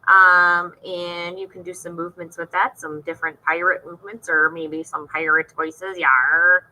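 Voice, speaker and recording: Woman music teacher, bright tone, patient, step-by-step, screen recording walkthrough. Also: lowish voice, level tone, moderate pace, a little hiss or hum, poor audio. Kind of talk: recorded lesson walkthrough for young students.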